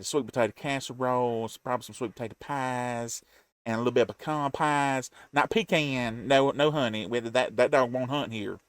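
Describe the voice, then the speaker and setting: Southern US male host, folksy and playful, dry close mic, mid pitch. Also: clean tone, no echo. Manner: chatty, folksy, playful asides. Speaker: reaction video host. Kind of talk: casual reaction commentary.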